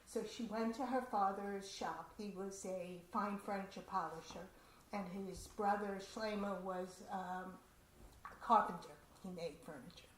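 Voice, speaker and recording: A woman performing a personal story at a community event, with a chatty, animated telling and asides. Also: medium pitch, unhurried. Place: community center hall. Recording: roomy hall with faint noise.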